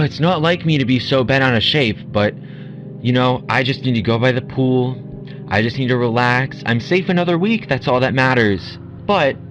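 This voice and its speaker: A man's voice: mid-range voice, muffled recording, lightly acted. A man playing a rambling reality-show contestant. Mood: brooding. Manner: rambling, wordy and theatrical. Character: chatty, defensive young man on a reality show. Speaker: comedy performer. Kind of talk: improvised comedy audio drama.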